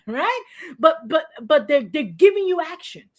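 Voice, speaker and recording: An animated woman pastor with a high voice gives a conversational sermon at an unhurried pace. She's lively, acting out quoted voices and calling congregants by name, with frequent restarts and repetitions.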